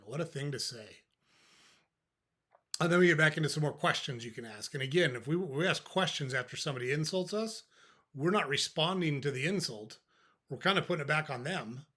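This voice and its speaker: A man's voice: mid-range voice, bright, forceful tone. An older man hosting a podcast, giving casual advice in a conversational, dry way and acting out sample replies. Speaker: podcast host.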